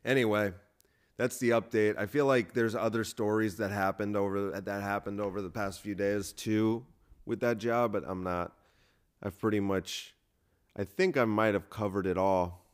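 A man's voice: lowish voice, fairly even intonation, normal speed, smooth. A man hosting a podcast, telling a rambling story in a self-deprecating, casual way, full of restarts and fillers. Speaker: podcast host, comedian.

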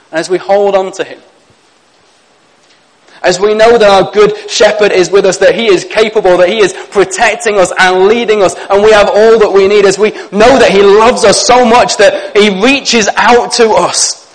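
A pastor delivers an earnest sermon in a high, gentle voice. He speaks warmly to his listeners and slows down to let scripture land, his voice softening as he reads. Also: steady tone, poor audio.

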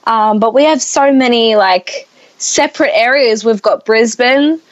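A woman's voice: on the high side, measured pace, muffled recording. A young woman with an Australian accent, chatting casually as a podcast guest and peppering her speech with "like" and "um". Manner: chatty, fillers like "like" and "um". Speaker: guest musician.

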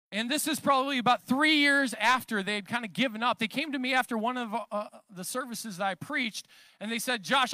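High, bright-voiced man preaching. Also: no echo. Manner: conversational preaching with emphatic, building declarations. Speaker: pastor. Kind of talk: sermon.

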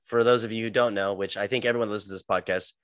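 A man's voice: on the low side, steady tone, rapid-fire, a bit bright, clean tone, no echo, studio quality. A man co-hosting a podcast, talking casually and animatedly, swearing and laughing often. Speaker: podcast co-host.

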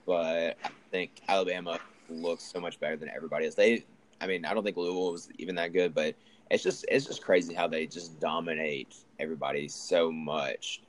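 A man's voice: sits low, fairly even intonation, a little fast, slight background noise. A young man hosting a casual sports chat, rambling with many restarts and fillers. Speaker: podcast host.

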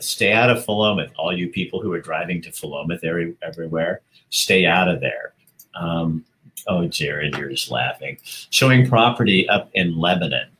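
A man's voice: sits low, bright, forceful tone. A man casually hosting a livestream, reading viewer comments aloud, chatting and laughing often. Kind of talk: casual live-stream chat.

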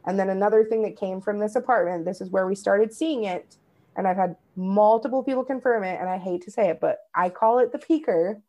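A woman's voice: medium pitch, brisk, warm tone. A young woman, co-hosting a podcast and telling stories in casual chat. She swears freely and acts out what people said. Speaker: podcast co-host.

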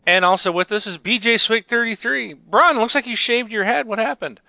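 A man's voice: high-pitched, moderate pace, creaky, sharp tone, no echo. A man hosting a casual gaming podcast, joking and laughing easily between loose, filler-heavy sentences. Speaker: podcast host.

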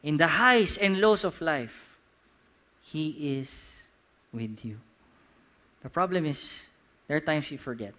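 A middle-aged man with a Filipino accent preaching a sermon, animated and mixing Tagalog with English, slowing to quiet emphasis. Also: fairly high pitch. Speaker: pastor.

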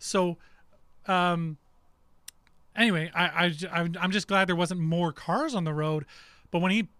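A man co-hosting a podcast, telling a story in casual chat, animated and swearing freely. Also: high-pitched, a little slow, no echo. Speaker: podcast co-host.

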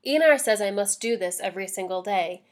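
A woman's voice: medium pitch, lively intonation, fairly quick, close to an everyday voice. A woman voicing a determined young woman who speaks plainly and firmly.

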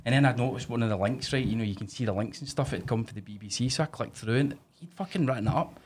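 Husky Glaswegian man telling stories. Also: medium pitch, fast. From Scotland. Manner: sweary, storytelling, animated when excited. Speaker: podcast host. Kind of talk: casual chat.

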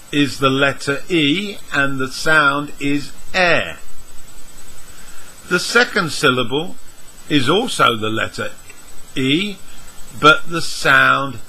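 A man teaching English vowel sounds, spelling out letters and sounds one at a time in a measured lesson. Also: a little high, pushed and bright, rough recording. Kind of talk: slow, deliberate lesson explanation.

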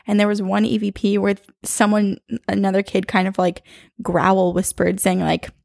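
A young woman co-hosting a podcast, recounting a ghost story in casual, animated chat. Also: medium pitch, normal speed, gravelly, no echo, clean studio sound. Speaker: podcast co-host.

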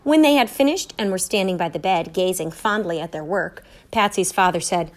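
A woman's voice: on the low side, brisk. Woman reading a children's story aloud. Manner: lively, expressive storytelling. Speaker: reader.

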